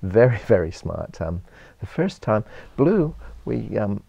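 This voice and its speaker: A middle-aged man from England with a British accent tinged with Australian, chatting as an interview guest in a relaxed, unhurried way. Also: fairly low pitch, gravelly, breathy edge, dry recording, lo-fi sound. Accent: British with Australian traces. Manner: relaxed, unhurried storytelling with frequent ums. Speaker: guest, bookshop co-owner. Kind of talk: casual interview chat.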